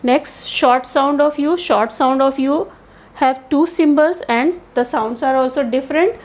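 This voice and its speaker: A woman teaches pronunciation, and her voice sits notably high. She talks at an unhurried pace. She explains each vowel sound step by step and says every example aloud. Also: a little mellow. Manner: slow, careful explanation with sounds spoken out. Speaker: English teacher. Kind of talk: pronunciation lesson.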